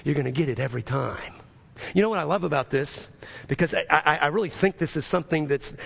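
Gravelly high-voiced preacher. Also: male voice, a bit bright. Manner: emphatic, rhetorical questions to the congregation. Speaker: pastor. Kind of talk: sermon.

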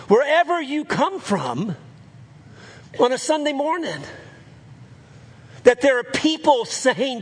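A man's voice: very high voice, breathy edge. A man preaching a sermon as pastor, earnest and repeating phrases for emphasis.

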